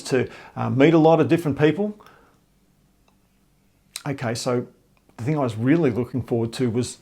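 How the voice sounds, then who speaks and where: An Australian man telling a humorous personal anecdote in a lively, self-deprecating way. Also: mid-range voice. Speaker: storyteller.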